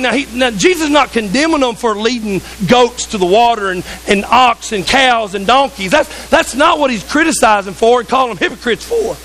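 A pastor preaches with fervent, conversational energy, tossing asides to his congregation. His voice sits very high for a man, and a faint hiss lies under the church recording. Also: animated, a little fast, few pauses, a bit bright, rough recording. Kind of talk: sermon.

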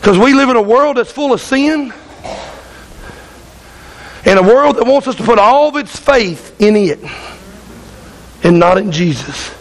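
Male pastor, very high voice, emphatic repetitive sermon delivery. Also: expressive, a little slow, long pauses, poor audio. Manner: emphatic, repetitive, keeps asking "Amen?".

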